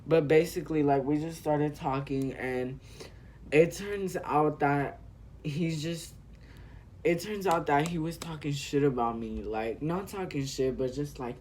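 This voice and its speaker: A man's voice: a little high, a little slow, a little mellow, a little hiss or hum. A teenage man from California, telling a rambling story full of profanity while doing his makeup on camera. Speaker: vlogger.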